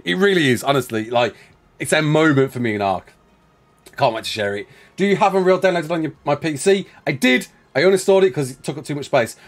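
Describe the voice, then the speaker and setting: A young man with a Brummie accent, live-streaming a survival game and reading out chat questions in a rapid, excitable way with frequent laughter. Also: high voice. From West Midlands, England.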